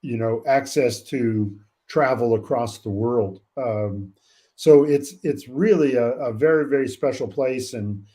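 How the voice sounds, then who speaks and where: Mellow-voiced older coach, unhurried. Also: male voice, mid-range voice. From California. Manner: measured and reflective, many "uh" pauses. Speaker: college track coach, guest. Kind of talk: casual interview talk.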